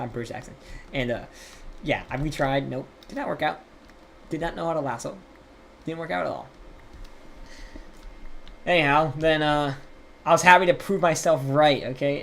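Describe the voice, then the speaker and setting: A man's voice: a little high, a little fast, long pauses, a bit bright. A young man telling a rambling, profane story while streaming a game live.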